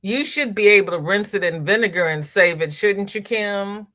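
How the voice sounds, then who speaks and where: A woman hosting a crochet livestream chats casually, reading viewer comments aloud and answering them. Her voice is medium-pitched and fairly bright, at normal speed.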